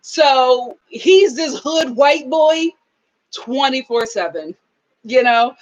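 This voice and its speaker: Animated high-voiced woman host. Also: slow, poor audio. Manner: animated, mimics others in high whiny voices. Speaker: host of a reality TV aftershow. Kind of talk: live aftershow commentary.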